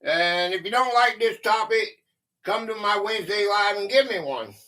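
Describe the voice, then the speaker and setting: A man's voice: high voice, normal speed, sharp tone. A man hosting a casual livestream history quiz, chatting and greeting viewers by name. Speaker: livestream host.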